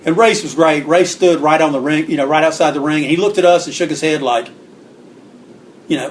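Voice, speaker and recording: A man on an interview, spinning stories with animated energy and acting out what people said. His voice sits a little high, and he clears his throat now and then. A faint hiss runs underneath. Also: fairly quick. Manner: animated storyteller acting out quotes. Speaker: guest author. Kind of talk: storytelling interview.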